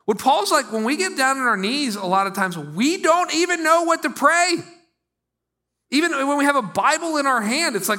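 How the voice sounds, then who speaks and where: A middle-aged male pastor preaching a sermon in a conversational way, with strong swings between loud and quiet. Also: very high voice, lively intonation, moderate pace.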